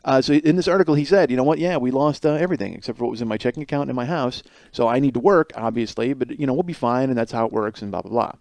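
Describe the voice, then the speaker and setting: Rapid-fire with few pauses, a man in his forties delivers a solo comedic podcast monologue, rambling, cursing and mocking himself. His mid-range voice is gravelly and darkish, and the recording is dry.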